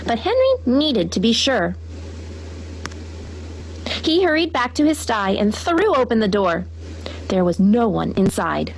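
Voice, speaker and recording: Woman storyteller, bright and animated read-aloud, faint noise. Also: a little high, unhurried, pauses often, poor audio. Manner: expressive, lively read-aloud with character voices. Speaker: teacher reading a picture book.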